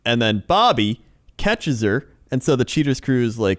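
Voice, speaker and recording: Animated man telling a story on a podcast. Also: medium pitch, normal speed. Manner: animated storytelling, mimics voices, laughs often. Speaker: podcast co-host. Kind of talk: casual chat.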